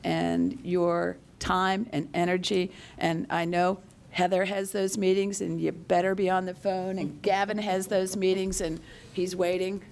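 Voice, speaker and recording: A woman chairing a committee meeting, thanking members with many halting restarts. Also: on the low side, level tone, vocal fry, darkish tone. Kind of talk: formal meeting remarks. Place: meeting room.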